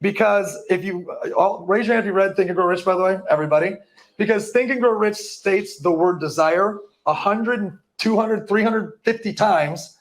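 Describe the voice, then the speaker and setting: A man's voice: sits high, normal speed. A man giving a live motivational talk to an audience, hyped and profane, tripping over words now and then. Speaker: motivational speaker.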